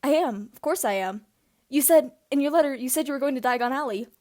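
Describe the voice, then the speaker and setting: A woman's voice: high-pitched, fast talker, darkish tone, pitched above the performer's own voice, lightly acted. A woman voicing a breathless, fussing mother. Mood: flustered warm. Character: flustered, loving middle-aged mother.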